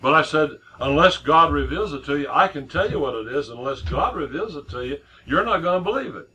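A man's voice: a little high, animated, brisk, hardly any pauses, bright, forceful tone, slightly rough, rough recording. A middle-aged man preaching a sermon in a conversational way, with many restarts and repeated words as he tells a story.

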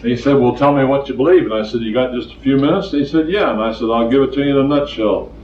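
A man's voice: medium pitch, fast talker. An older man preaching a plainspoken sermon, telling stories and hammering points with repetition. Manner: plainspoken, storytelling, emphatic repetition. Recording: distant roomy lo-fi recording.

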